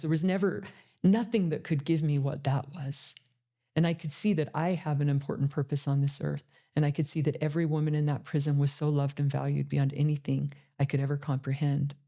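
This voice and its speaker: Mellow-voiced woman telling her story. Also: low voice. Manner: candid and emotional, laughs often, slows down on painful memories. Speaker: motivational speaker. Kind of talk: personal storytelling talk.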